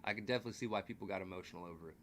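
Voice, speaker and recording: A man's voice: sits low, racing, fairly bright tone, a little hiss or hum. A man hosting a music reaction video, talking candidly and loosely, with casual swearing.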